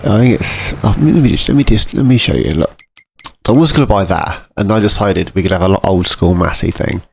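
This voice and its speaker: A man giving casual, rambling commentary over a farming game, often clearing his throat. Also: sits low, brisk, a little hiss or hum. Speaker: gameplay commentator.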